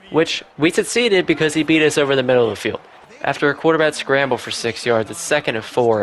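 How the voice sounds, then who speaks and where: A young man narrating his football video game match in a relaxed, casual voice. He walks through each play with easygoing, self-deprecating remarks, at an ordinary mid pitch. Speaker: gaming YouTuber. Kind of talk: video game commentary voice-over.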